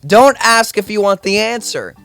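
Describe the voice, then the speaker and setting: A man's voice: high-pitched, expressive, normal speed, gravelly, a bit bright, clear, resonant tone, faint music behind. A young man, a grocery store worker, rants to the camera in a casual, profane, sarcastic and rambling way. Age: young adult.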